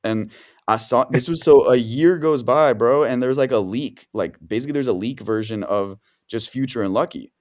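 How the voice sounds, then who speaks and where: A man's voice: medium pitch, normal speed, a little mellow. A man, a music producer on a podcast, telling stories in a laid-back, rambling way full of slang and fillers. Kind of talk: casual podcast storytelling.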